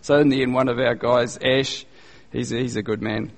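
A male pastor preaching a sermon in a conversational, animated way, using casual slang and acting out the people he quotes. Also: medium pitch, moderate pace. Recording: long reverb, echoey hall.

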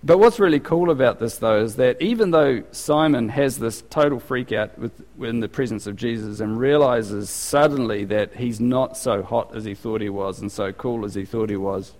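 A man's voice: mid-range voice, normal speed, few pauses, a little mellow, long reverb tail. A man preaching a sermon in a conversational way, often restarting his sentences and acting out scenes.

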